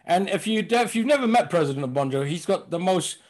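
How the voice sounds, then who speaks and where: A comedian guest chatting playfully over a video call, rambling and laughing often. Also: male voice, high-pitched, animated, quick pace, darkish tone. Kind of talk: casual comedic chat.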